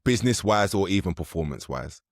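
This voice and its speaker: A man's voice: low-pitched, sing-song, fast talker, no room sound, clean studio sound. A man hosting a podcast interview, asking questions in an eager, casual way. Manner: eager and casual, many short affirmations. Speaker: podcast host.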